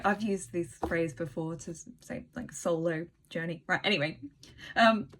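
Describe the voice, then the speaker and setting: A woman talking casually in a spiritual vlog, soft-spoken and rambling, laughing often and reading a short piece aloud. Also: fairly low pitch, fairly even intonation, moderate pace. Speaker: spiritual vlogger.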